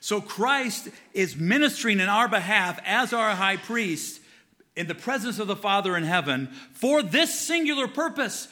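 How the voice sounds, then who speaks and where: A man preaching with a high, bright voice that rings out sharply. He builds to fervent, emphatic climaxes, then drops into low, earnest passages as he presses each point home. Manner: impassioned, rising to fervent peaks then dropping low and earnest. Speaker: pastor. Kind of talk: sermon.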